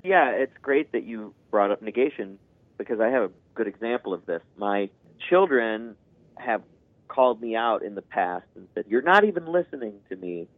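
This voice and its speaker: A man's voice: fairly low pitch, normal speed, dry recording. A man talking in a casual podcast conversation, sharing his experience as a parent in an earnest, reflective way. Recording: tinny phone-like line.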